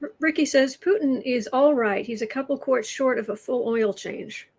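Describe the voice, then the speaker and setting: Her voice is high and a little mellow, captured in a rough recording. She hosts a political tarot livestream with a sarcastic, casual tone, laughing frequently and halting to restart what she's saying.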